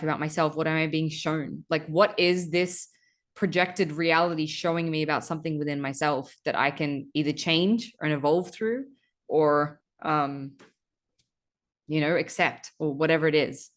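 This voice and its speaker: Woman guest, lowish voice, frank and profane, chatty storyteller on a podcast. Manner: candid, swears freely, fillers like "like" and "right?"; earnest storyteller. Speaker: spiritual healer, podcast guest. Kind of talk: casual podcast conversation.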